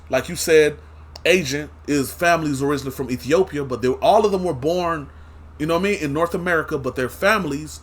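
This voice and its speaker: Brief: male streamer, husky, animated slang-heavy rants. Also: fairly high pitch. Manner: animated, slangy, laughs often. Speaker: reaction streamer. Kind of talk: casual commentary.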